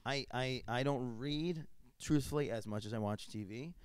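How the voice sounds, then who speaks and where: A man's voice: mid-range voice, normal speed, clean tone, no echo. A man hosting a podcast in casual chat, rambling and joking as he tells stories and acts out voices. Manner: rambling, animated storyteller who jokes and acts out voices. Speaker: podcast host.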